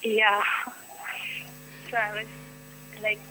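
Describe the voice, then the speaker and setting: A woman's voice: mid-range voice, monotone, drawn-out words, sharp tone, a little hiss or hum, poor audio. A woman calls a radio show and talks hesitantly, with many fillers. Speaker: caller. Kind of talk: phone-in chat.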